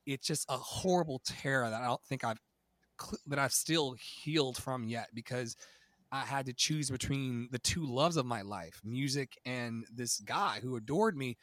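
A man in his thirties from Virginia, a singer and podcast guest, telling his life story in a dramatic, animated way and swearing freely. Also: mid-range voice, unhurried, dry recording. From Virginia, USA. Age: 30s. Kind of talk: storytelling interview.

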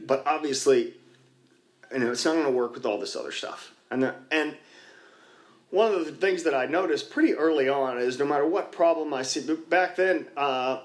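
A man's voice: a little high, normal speed. A man sharing candidly at a recovery meeting, rambling and poking fun at himself, with lots of "you know.". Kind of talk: candid personal talk to a group. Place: church basement.

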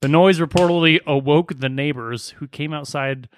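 A man's voice: fairly high pitch, moderate pace, no echo, studio quality. A man co-hosting a comedy podcast, reading news stories aloud and cracking profane jokes between them. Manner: profane, joking, reads news aloud with asides. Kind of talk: casual comedy podcast banter.

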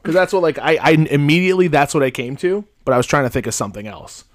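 A man's voice: a little high, expressive, fast, no echo, studio quality. A young man co-hosting a podcast, chatting casually and joking about himself in a rambling way. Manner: joking, rambling, self-deprecating. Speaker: podcast co-host. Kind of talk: casual chat. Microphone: headphones on a podcast mic.

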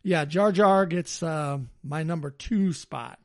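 A man's voice: on the high side, takes it slowly. A man co-hosting a podcast in casual chat, easygoing and rambling. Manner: easygoing, rambling with fillers and laughs. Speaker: podcast co-host.

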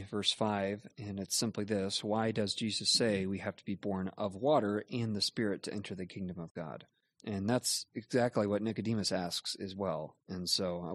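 A man, a pastor, explaining Bible questions in a measured, earnest way. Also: fairly low pitch, no room sound. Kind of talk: Bible teaching in a question-and-answer show.

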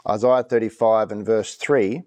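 A pastor preaching a conversational sermon, reading scripture slowly and with emphasis. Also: male voice, on the low side, steady tone, darkish tone.

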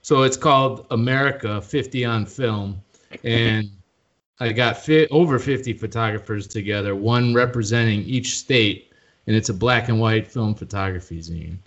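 A man's voice: on the low side, normal speed, a bit bright, lo-fi sound. A man from Chicago with a Chicago accent, chatting easily as a podcast guest. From Chicago, US Midwest. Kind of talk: casual chat.

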